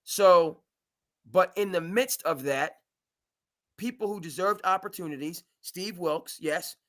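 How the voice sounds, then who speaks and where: Sports talk host, male, high and bright voice, animated debater who restarts his sentences a lot. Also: a little slow. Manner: animated, restarts and stammers often. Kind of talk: live sports debate chat.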